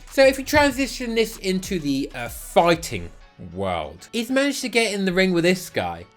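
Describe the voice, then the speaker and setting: A young man hosting a jokey, crude comedy monologue in an animated way. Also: fairly high pitch. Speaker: YouTube host.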